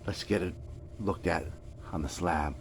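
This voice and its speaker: Low-pitched and unhurried, a middle-aged man rambles through a casual story in his home workshop against a noisy background that includes a furnace. This guitar repair vlogger stammers and mutters with plenty of filler, frequently dropping to near whispers.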